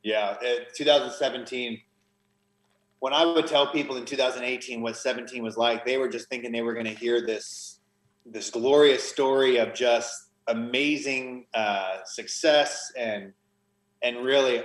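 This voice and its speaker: This podcast guest, a man, shares his story in conversational testimony, earnest and emotional, often starting sentences over. His mid-range voice holds a steady tone at a measured pace, but the audio is poor and reverberant.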